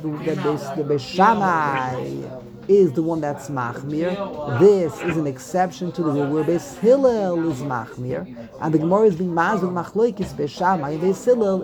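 A man teaching a casual Talmud lesson, reading passages aloud and translating them with wry asides and chuckles. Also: a little high.

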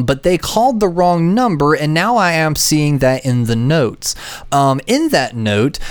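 A brisk, courteous utility rep woman, as a man puts her on in a lifted, lively voice, all formal phone-desk manners. The voice swings through its pitch and sits close and dry on the mic. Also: clear, resonant tone, no room sound. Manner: polite, formal customer-service phrasing. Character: brisk professional female power company rep.

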